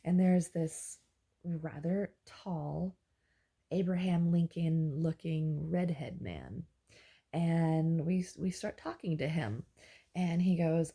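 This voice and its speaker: A woman casually recounting a dream she had, rambling and halting with fillers and restarts, and livening up when she gets excited. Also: fairly low pitch, creaky, breathy edge. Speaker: dream journaler.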